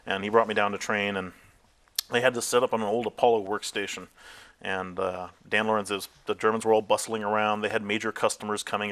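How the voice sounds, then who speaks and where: A middle-aged man with a fairly low voice answers interview questions. He tells his stories with animation, breaking into laughter and acting out the voices of people he quotes. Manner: animated storyteller, acts out quotes, laughs often. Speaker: interviewee, tech founder. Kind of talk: oral history interview.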